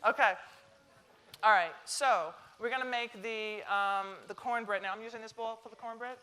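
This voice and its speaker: On a stage kitchen in front of a live audience, a middle-aged Southern American woman chats and jokes through a cooking demonstration. Her voice sits on the high side, sharp yet smooth, at a moderate pace.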